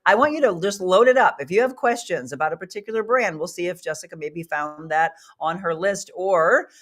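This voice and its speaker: A woman hosting a live talk show, telling a story in a lively way and laughing often. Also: fairly low pitch, brisk. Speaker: host.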